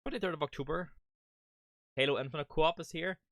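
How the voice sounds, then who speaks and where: A man's voice: fairly high pitch, a little fast, fairly bright tone, no echo, studio quality. A man with an Irish accent streaming a game, chatting with viewers in a rambling way and swearing now and then. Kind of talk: casual gameplay commentary.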